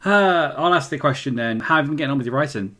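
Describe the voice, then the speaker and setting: A man's voice: medium pitch, expressive, fast talker, fairly bright tone. Tipsy, giggly man. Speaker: podcast co-host. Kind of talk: casual chat.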